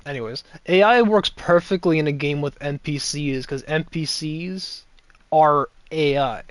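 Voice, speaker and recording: A man's voice: a little high, unhurried, clear, resonant tone, dry recording. A young man giving casual, rambling gameplay commentary with sarcastic asides and chuckles. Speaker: gameplay streamer.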